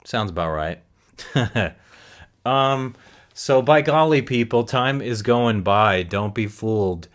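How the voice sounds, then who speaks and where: A man's voice: on the low side, expressive, slow pace. A man in his forties musing aloud in a casual recovery vlog, rambling and correcting himself as he reflects. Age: 40s. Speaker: recovery vlogger.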